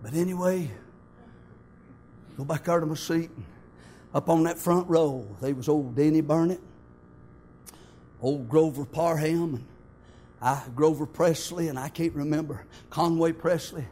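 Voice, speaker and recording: High-voiced older man testifying. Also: steady tone, a little slow, long pauses, warm tone, a little hiss or hum. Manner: folksy, homespun storytelling. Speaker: church member giving testimony. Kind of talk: church testimony.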